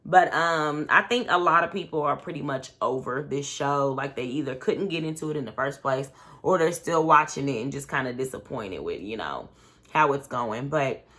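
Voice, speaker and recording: Low, bright-voiced woman recapping TV. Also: normal speed. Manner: chatty, retells scenes by acting out quotes. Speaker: reality TV commentator and show host. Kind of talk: casual recap commentary.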